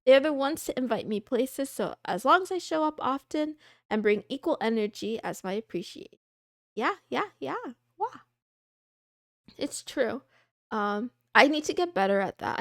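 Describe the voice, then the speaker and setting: A young woman with a fairly high voice chats casually on her livestream, reading and answering viewer questions. She rambles softly, teases herself, and drifts into little playful noises. Her voice sits close and dry on the mic, with no room around it. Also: lively intonation, moderate pace, no room sound. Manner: soft, rambling, self-deprecating with giggles and "wah" noises.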